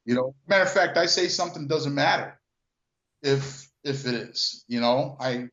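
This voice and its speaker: An older man and former car dealer telling stories in a relaxed, reflective way, repeating words and using lots of fillers. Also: mid-range voice, moderate pace. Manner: reflective, restarts and repeats words, many "you know" fillers. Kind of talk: casual storytelling conversation. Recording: echoey, dull lo-fi sound.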